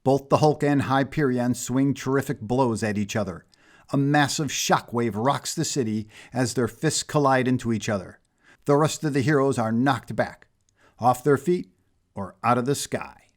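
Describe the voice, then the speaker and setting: A man narrating a superhero fan story in an even, storybook manner. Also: medium pitch.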